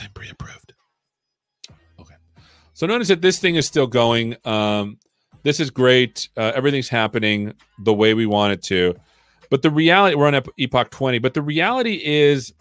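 A man's voice: medium pitch, a bit bright, dry recording, studio quality. A man hosting a live coding stream, chatting casually and joking while he thinks aloud.

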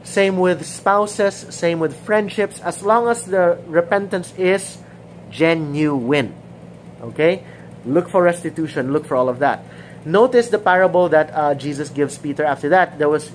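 A woman's voice: deep voice, normal speed, a little hiss or hum, poor audio. A woman teaching a conversational sermon, repeating her points and acting out quoted dialogue. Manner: informal, repeats phrases, acts out quoted dialogue. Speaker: Bible teacher.

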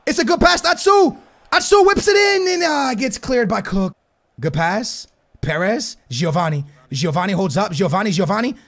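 A man commentating his own soccer video game, hyped and shouting at big moments, muttering quietly in between. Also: sits high, sing-song, normal speed. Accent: American. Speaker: gaming YouTuber. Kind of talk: excited gameplay commentary.

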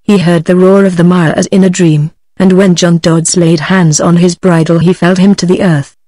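A text-to-speech woman's voice with a British English accent, narrating an audiobook in an even, synthetic reading. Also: fairly low pitch, normal speed, dry recording.

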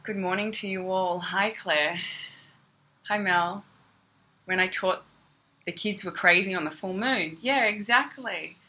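A woman's voice: medium pitch, a little slow, pauses often, pushed and bright. An Australian woman teaching meditation on a casual livestream, chatty and greeting viewers by name. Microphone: phone.

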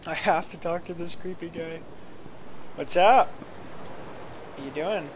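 A man's voice: a little high, steady tone, fairly quick, background noise. A man casually commenting on a video game, swearing freely, joking and muttering his reactions as he plays. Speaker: let's play host.

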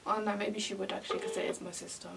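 A woman's voice: medium pitch, flat delivery, racing, gravelly, far from the mic, noisy background. A young woman vlogging casually to camera, giggling and bursting into laughter often. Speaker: beauty vlogger.

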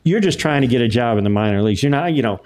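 A man's voice: medium pitch, rapid-fire. A middle-aged man from Connecticut, a retired umpire, telling stories in a casual interview and acting out quotes. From Connecticut, United States. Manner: animated storyteller who acts out quotes. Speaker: retired baseball umpire, guest.

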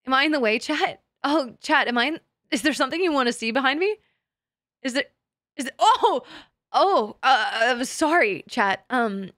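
A woman streaming a game, chatting with her audience in a giggly, excitable way full of crude jokes. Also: sits high, measured pace, no echo, studio quality. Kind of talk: casual live-stream chat.

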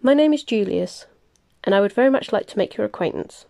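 A woman voicing a powerful, controlled male vampire master, in a slow, measured storybook reading. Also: mid-range voice, expressive, gravelly, dark tone. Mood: polite.

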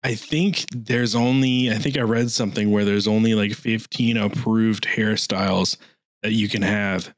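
A man's voice: fairly low pitch, fairly even intonation, unhurried, no room sound. Curious rambling podcast guy. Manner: curious, asks rambling questions. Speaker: podcast co-host. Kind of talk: casual podcast banter.

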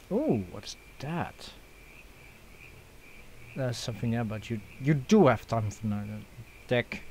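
Man, young adult, let's play host, unhurried, joking, cursing, some fillers. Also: mid-range voice, a little mellow, slight background noise. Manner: joking, swears, frequent fillers. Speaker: gaming channel host.

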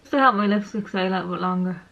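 A woman's voice: mid-range voice, rapid-fire, creaky, fairly bright tone, highs cut off. A young woman casually chatting through her everyday makeup routine while she applies it. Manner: chatty, self-aware, talks while applying makeup. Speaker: beauty vlogger. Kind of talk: casual makeup tutorial chat.

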